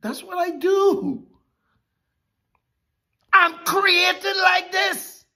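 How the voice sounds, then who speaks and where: A woman puts on a cocky fable scorpion who shrugs off its own sting, brash and matter-of-fact. The voice jumps up high above her usual speaking pitch and comes out loud and emphatic. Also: steady tone, drawn-out words, full character voice.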